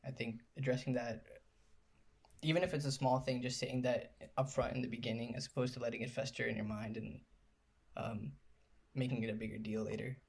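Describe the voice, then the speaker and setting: Young guy on a chat podcast, calm and measured, kinda thoughtful. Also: mid-range voice, vocal fry, husky. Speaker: podcast co-host. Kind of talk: casual chat among friends.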